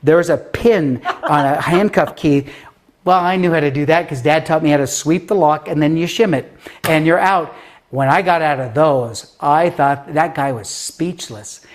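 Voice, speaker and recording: A man's voice: fairly high pitch, normal speed. A man in his fifties from Denver, a guest author telling a story in an interview and acting out the voices of people he quotes. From Denver, USA. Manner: animated, acts out quoted voices with filler words.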